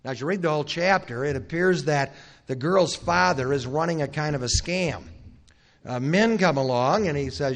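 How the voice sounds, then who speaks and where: A man's voice: fairly high pitch, moderate pace. A man preaching a teaching sermon, retelling a Bible story in a conversational way, acting out the characters' lines and adding wry asides to the audience. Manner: asks the audience questions and adds wry asides. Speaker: Bible conference speaker.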